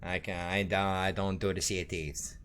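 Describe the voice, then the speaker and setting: A man's voice: low-pitched, fairly even intonation, normal speed, fairly bright tone, a little hiss or hum. A man hosting a stream, chatting casually with jokes and swearing as he rambles about music and games. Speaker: streamer and show host.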